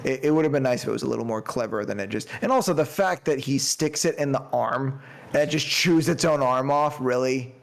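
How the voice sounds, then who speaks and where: A man co-hosting a podcast, chatting casually about a film in a rambling, halting way full of restarts. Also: medium pitch, vocal fry. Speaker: podcast co-host. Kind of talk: casual movie review chat.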